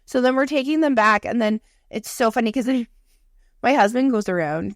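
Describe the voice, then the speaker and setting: A woman in her thirties co-hosting a podcast, chatting candidly with lots of swearing and animated storytelling. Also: fairly high pitch, brisk, no echo, clean studio sound. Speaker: podcast co-host. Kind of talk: casual chat.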